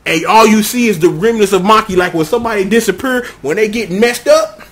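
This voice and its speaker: A man's voice: sits high, a little fast, a bit bright. A man casually recapping a show episode, rambling in slang and acting out the scenes. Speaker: episode commentator.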